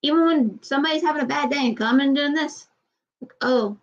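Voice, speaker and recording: A woman talks to the camera in a loose, halting way, with many restarts and trailing sentences. Her voice sits a little high. The recording sounds dull and lo-fi. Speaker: vlogger. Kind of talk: casual personal talk to camera.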